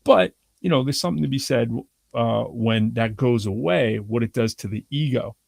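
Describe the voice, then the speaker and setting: A man who is a rapper hosting a casual talk show, chatty and animated, acting out quotes as he tells stories. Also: mid-range voice, normal speed, gravelly, no room sound. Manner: chatty, frequent "you know what I'm saying". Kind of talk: casual conversation.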